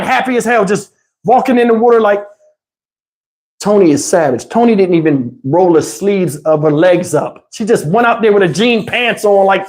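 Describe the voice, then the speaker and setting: Texan man vlogger, loose animated storyteller, swears and laughs, acts out voices. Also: high voice. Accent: Southern US, Texas. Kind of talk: casual storytelling.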